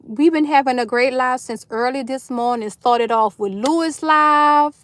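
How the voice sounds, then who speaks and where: A woman hosts a casual livestream and chats with her viewers. Her voice sits high and she talks slowly, moved close to tears as she thanks them one by one. The sound is close and dry. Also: dry recording. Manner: warm, emotional, thanking viewers by name. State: tearful. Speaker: livestream host.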